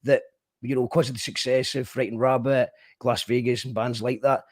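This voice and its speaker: A man's voice: medium pitch, little pitch movement, moderate pace, a little mellow, no room sound. A Scottish man hosting a casual radio interview, talking in loose restarts and reading out listener entries. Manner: conversational, trailing restarts, reads out listener entries. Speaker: radio show host.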